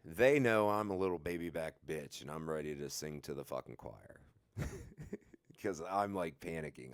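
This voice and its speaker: A man's voice: a bass voice, expressive, moderate pace, clean tone, dry recording, studio quality. A young man casually telling a story about himself, swearing often and laughing at himself. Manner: profane, rambling, laughs at himself. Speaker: vlogger.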